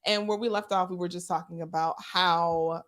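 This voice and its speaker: A woman's voice: lowish voice, steady tone, normal speed. A woman hosting a casual radio talk show, steering the conversation and asking questions. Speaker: radio host.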